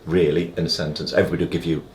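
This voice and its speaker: Very deep-voiced man. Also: little pitch movement, racing, a little mellow, a little hiss or hum. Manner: emphatic, full of analogies, keeps checking "all right?". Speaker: magician guest. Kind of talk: conversational interview. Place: upstairs dressing room.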